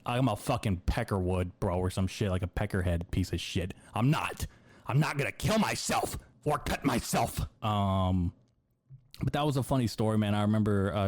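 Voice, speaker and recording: Profane young American man, low dry voice. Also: warm tone, no echo. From United States. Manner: crude, profane, meandering, says dude and bro a lot. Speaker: podcast host. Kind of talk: rambling comedic monologue.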